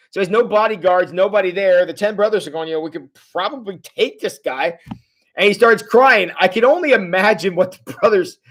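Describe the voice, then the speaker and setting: A man leading a casual livestream Bible study as a pastor, chatty and animated, reacting to viewers' comments as he tells the story. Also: high voice.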